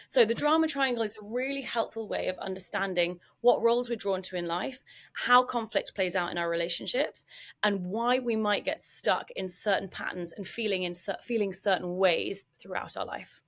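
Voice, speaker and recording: A woman psychologist, a podcast guest, explaining ideas in animated conversation and acting out examples. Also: medium pitch, moderate pace. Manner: animated, acts out quoted speech.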